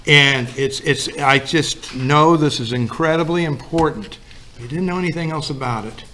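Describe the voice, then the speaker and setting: A man's voice: on the high side, moderate pace, sharp tone, a little hiss or hum. A male pastor giving a sermon in a folksy storytelling manner, acting out the lines of the people in his story.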